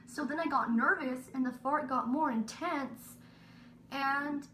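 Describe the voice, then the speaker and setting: Young woman vlogging a story, high voice, lots of "like", echoey room, bit far from the mic. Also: unhurried. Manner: animated, breathless storytelling with many "like" fillers. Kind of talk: storytelling vlog. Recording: roomy, a little distant from the mic, faint hiss.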